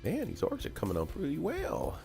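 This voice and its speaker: Gravelly, animated man telling stories. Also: on the high side, a little fast, soft background music. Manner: animated storyteller, laughs often, voices others loudly. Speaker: co-host. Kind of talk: casual chat while painting miniatures.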